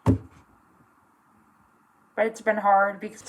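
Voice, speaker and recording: Slow, halting young feminine voice. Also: female voice, lowish voice, fairly even intonation, a little hiss or hum, rough recording. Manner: halting, earnest, heavy on fillers; emotional, near tears at times. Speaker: vlogger. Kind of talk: personal confessional vlog.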